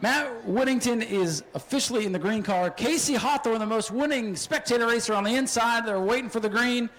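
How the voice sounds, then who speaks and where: A man announcing a spectator race from the flag stand at an outdoor speedway, excitable and joking, often shouting. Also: very high-pitched, a little fast, rough recording. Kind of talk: live race commentary over PA.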